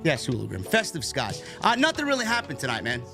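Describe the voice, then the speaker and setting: A man's voice: mid-range voice, huge pitch swings, fast, creaky, over music. A man from New York hosting a live post-show stream, griping and swearing his way through a casual rant. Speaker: livestream host.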